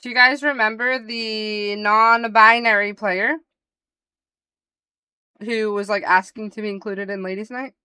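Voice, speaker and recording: A woman live streamer telling gossipy stories to her chat in an animated, casual way. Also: mid-range voice, measured pace, clean tone, dry recording.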